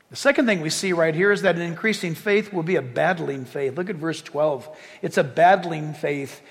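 Animated preacher with a high voice. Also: male voice, moderate pace, vocal fry, big-room sound. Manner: animated, jokey, acts out the scripture scenes. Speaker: pastor. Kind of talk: sermon.

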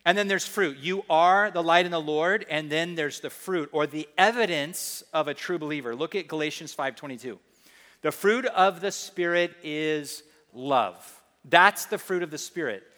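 A man's voice: fairly high pitch, normal speed, pushed and bright. Man, pastor, sermon, emphatic, joking asides, church hall with long reverb.

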